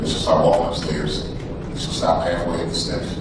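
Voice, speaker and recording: A man's voice: deep voice, monotone, normal speed, distant mic. A man doing a stand-up comedy set, telling loose, profane stories in a conversational way. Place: live comedy club with audience. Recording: roomy live recording, crowd noise. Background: audience laughter.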